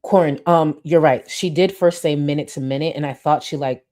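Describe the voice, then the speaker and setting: A woman's voice: deep voice, fairly even intonation, moderate pace, a little mellow. A woman streamer giving blunt, emphatic commentary, swearing freely and reading chat comments aloud.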